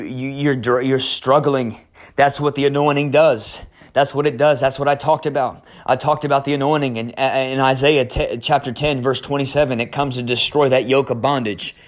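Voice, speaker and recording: Fired-up preacher man shouting a sermon. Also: mid-range voice. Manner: shouting, repetitive, emotional preaching. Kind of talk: fiery podcast sermon. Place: podcast recording.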